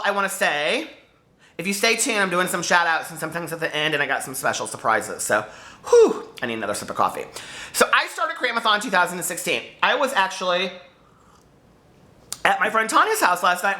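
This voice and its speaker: A man hosting a casual book vlog from home, telling stories straight to his viewers. His voice is bright and forceful, and his pitch swings widely as he goes. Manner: animated storyteller, talks straight to viewers. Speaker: book vlogger.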